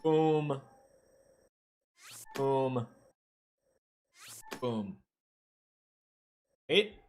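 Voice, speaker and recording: A man's voice: mid-range voice, extremely slow, a little hiss or hum. A young man from Minnesota with a Minnesotan accent, casually chatting with his stream chat while he plays, loose and offhand, swearing now and then. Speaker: game streamer.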